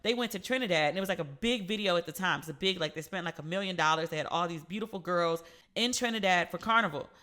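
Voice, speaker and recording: A woman hosting a casual solo podcast, telling stories with playful, animated asides. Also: lowish voice, fast talker. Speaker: podcast host.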